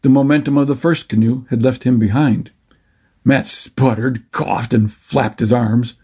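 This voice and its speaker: A man narrating a children's adventure story with a steady, expressive reading. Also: mid-range voice, unhurried, slightly rough.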